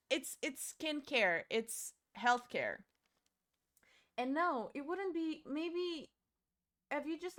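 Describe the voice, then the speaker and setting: A woman's voice: on the high side, fairly bright tone. Chatty Portuguese-accented woman streamer. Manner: chatty, swearing, rambling with playful outbursts. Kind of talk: casual chat while doing makeup on stream.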